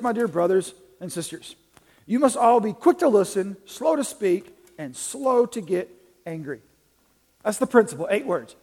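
A man preaching a sermon in a church, conversational, swinging from quiet asides to loud, animated bursts. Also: high-pitched. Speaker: pastor. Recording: long reverb in a large hall.

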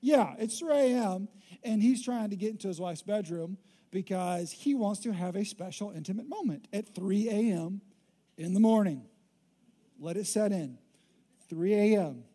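A preacher delivers a sermon in a loose, joking, conversational way. The voice is mellow and warm, sitting at a middle pitch. The delivery is animated and chatty. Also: normal speed.

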